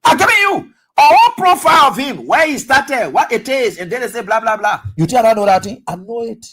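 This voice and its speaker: A radio talk show host with a Liberian English accent, giving an animated political commentary monologue, acting out dialogue and firing off rhetorical questions. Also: medium pitch, fairly quick.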